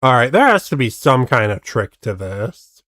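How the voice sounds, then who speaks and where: A man's voice: mid-range voice, big pitch swings, normal speed, a bit bright, no room sound, studio quality. A man streaming casual reaction commentary, skeptically picking apart how a video was faked. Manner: skeptical, picks apart tricks.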